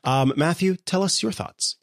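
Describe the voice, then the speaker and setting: A man's voice: sits high, moderate pace, gravelly, no echo, clean studio sound. A man hosting a podcast panel chat, thoughtful and full of ums and uhs. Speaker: podcast host.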